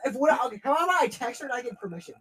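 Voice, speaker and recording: A man telling a story in a casual chat among friends, with animated retelling and lots of filler words. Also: very high-pitched, rapid-fire, a crowd in the background, low-quality recording. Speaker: podcast co-host.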